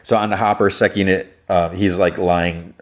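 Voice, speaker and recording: A man's voice: low voice, steady tone, normal speed. A man hosting a podcast, casually retelling a show's episode scene by scene in a rambling way. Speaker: podcast host.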